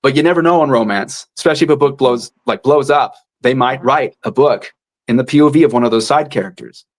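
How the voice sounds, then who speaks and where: Male audiobook narrator, casual and animated, mid-range voice, chatty interview guest. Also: medium pitch. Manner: animated, drops into quick character voices.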